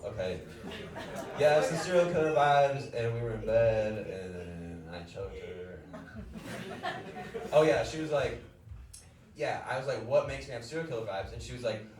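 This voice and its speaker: A young man doing a stand-up comedy set, rambling and self-deprecating, with loose asides to the crowd. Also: medium pitch. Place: comedy club stage. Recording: echoey room, distant mic, audible room noise. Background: audience laughter.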